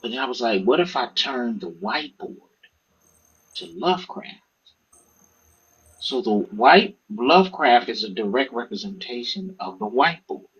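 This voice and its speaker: A man talks casually and profanely as a podcast guest, acting out the voices of people in his stories. His voice is husky and moves all over the place in pitch. The recording sounds dull and lo-fi. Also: normal speed. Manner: animated, profane, acts out quoted speech. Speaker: author guest. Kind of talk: casual storytelling interview.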